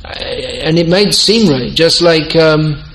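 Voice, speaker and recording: A man's voice: fairly high pitch, measured pace, fairly bright tone, a little hiss or hum, poor audio. A man giving an informal religious discourse to a small group, telling stories and quoting dialogue. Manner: storytelling, quotes dialogue, laughs at own points. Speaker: devotional teacher.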